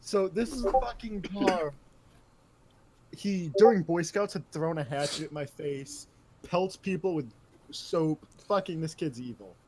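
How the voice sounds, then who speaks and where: A man's voice: fairly high pitch, measured pace, darkish tone, a little hiss or hum. A young man telling a profane story to friends on a casual podcast, rambling and often laughing. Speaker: podcast host.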